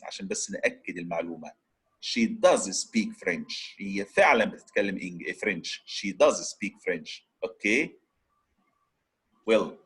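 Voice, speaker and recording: Husky teacher coaxing his class. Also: on the low side, poor audio. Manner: mixes Arabic and English, repeatedly prodding students to answer. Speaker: English teacher. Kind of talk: classroom grammar lesson.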